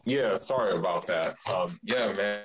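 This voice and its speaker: A man, relaxed and loose, giving thanks and shout-outs as a guest on an online boxing panel. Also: sits low, a little slow, breathy edge, rough recording. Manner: relaxed, loose, many fillers. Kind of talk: casual sign-off with shout-outs.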